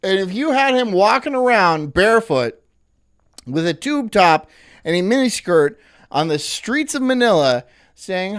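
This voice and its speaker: Rambling sarcastic man with a lively voice. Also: high voice, a little slow, clean tone. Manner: rambling, sarcastic, laughs often. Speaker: streamer host. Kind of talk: casual stream commentary.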